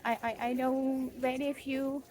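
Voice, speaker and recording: A woman's voice: high voice, flat delivery, normal speed, a crowd in the background. A young mother venting in a casual, rambling vlog, frank and self-mocking, with frequent swearing and fillers. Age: young adult. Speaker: vlogger, mother.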